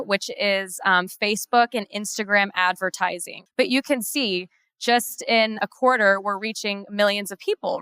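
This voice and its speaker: A woman's voice: medium pitch, sharp tone, clear, resonant tone, dry recording. A woman heading marketing for a law firm, giving an organized, businesslike conference presentation.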